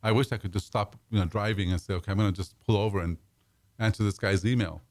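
A man with a lowish voice hosts a casual talk show at a quick clip. He rambles, restarts phrases and repeats words as he goes. The sound is dry and close. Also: fairly even intonation, dry recording. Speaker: radio show host.

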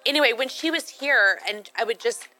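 A woman co-hosting a casual chat, sharing facts in a relaxed, informative way. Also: on the high side, brisk, soft background music, low-quality recording. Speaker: co-host.

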